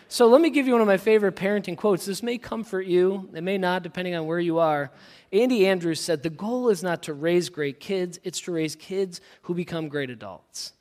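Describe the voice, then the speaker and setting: A man's voice: high-pitched, normal speed, long reverb tail. A man in his thirties preaching a sermon as a pastor, conversational and self-deprecating, telling family stories with casual asides.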